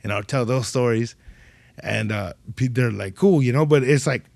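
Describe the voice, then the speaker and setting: A comedian guest, telling stories in a slangy, profane, animated way on a podcast. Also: male voice, medium pitch, normal speed, creaky, no echo. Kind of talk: casual podcast chat.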